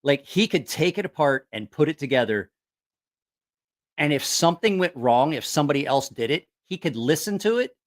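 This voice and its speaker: Lively, profane male livestream host. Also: a little high, moderate pace. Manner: lively, profane, laughing storyteller. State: a little tipsy after drinks. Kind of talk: casual storytelling livestream.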